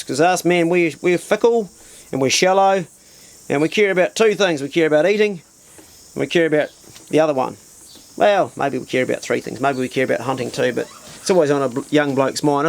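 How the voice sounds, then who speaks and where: A man telling a bawdy story in a casual, crude and self-mocking way, talking straight to the listener. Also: fairly high pitch.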